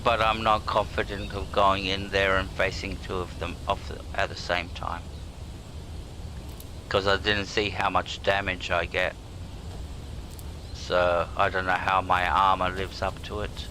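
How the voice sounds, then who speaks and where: A man's voice: deep voice, level tone, a little slow, noisy background. A man streaming a video game, chatting casually and rambling, swearing freely and chuckling at himself. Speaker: gaming streamer. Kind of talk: casual gameplay commentary.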